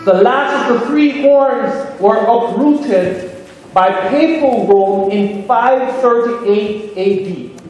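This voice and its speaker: Slow, high Jamaican man preaching. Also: darkish tone, a little hiss or hum. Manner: slow, emphatic, asks the congregation for amens. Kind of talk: prophecy sermon with call and response. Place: church hall. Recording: echoey church hall.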